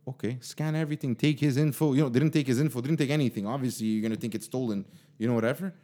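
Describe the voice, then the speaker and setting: A man co-hosting a podcast, telling a story in loose, animated casual chat full of fillers. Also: mid-range voice, racing. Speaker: podcast co-host.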